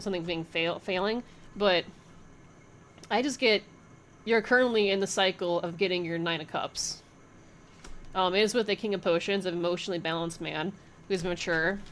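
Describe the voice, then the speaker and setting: A woman's voice: medium pitch, slight background noise. A young woman giving a casual tarot reading, thinking aloud with fillers, swearing freely and laughing often. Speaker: tarot reader.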